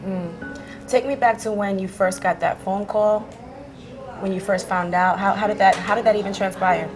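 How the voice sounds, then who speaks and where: A woman interviewer asking short, relaxed questions and nudging her guest along with soft hums. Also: mid-range voice, normal speed, music in the background. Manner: relaxed, short gentle prompts and backchannel hums. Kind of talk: casual interview.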